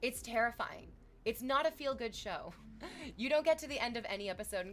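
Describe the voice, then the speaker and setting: A young adult woman livestreaming, chatting casually with viewers, thanking subscribers and reading chat messages aloud in an animated way. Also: on the high side, fast talker, a little hiss or hum.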